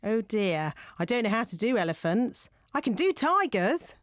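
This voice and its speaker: Brisk helpful cartoon rabbit lady, fairly high and bouncy. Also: big pitch swings. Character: cheerful busy adult rabbit lady. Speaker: shopkeeper and librarian. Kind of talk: children's cartoon voice acting.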